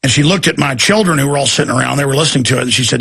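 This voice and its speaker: Gravelly, forceful ranting male radio host. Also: mid-range voice, racing, hardly any pauses. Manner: agitated, ranting. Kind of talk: talk-radio monologue.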